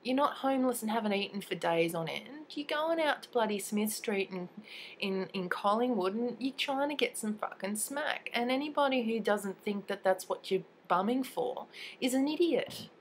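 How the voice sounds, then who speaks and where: A woman's voice: on the high side, animated, moderate pace, slight background noise, low-quality recording. Ranting young Australian woman with a cold. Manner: indignant, swears freely. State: has a cold. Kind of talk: casual rant to camera.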